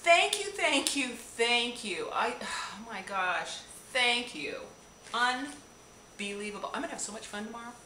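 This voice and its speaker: A fairly high-pitched woman with a sharp tone, speaking at a measured pace, unboxes a gift package on camera and gasps and gushes with delight over each item. She's a beauty vlogger filmed by a camera on a tripod in an echoey room with audible noise.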